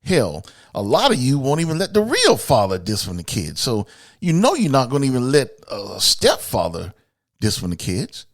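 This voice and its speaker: A man holds forth in an opinionated podcast monologue, blunt and peppered with profanity as he lectures women directly. His voice sits at a middling pitch but leaps up and down expressively, jumping between loud emphatic bursts and quieter muttered asides. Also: wildly swooping pitch, normal speed. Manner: voice swings from loud outbursts to low asides. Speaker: podcast host.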